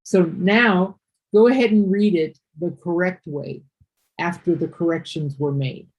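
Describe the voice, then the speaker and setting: A woman's voice: on the low side, a little slow, slightly rough, lo-fi sound. A woman teaching English one-on-one, patiently correcting and explaining.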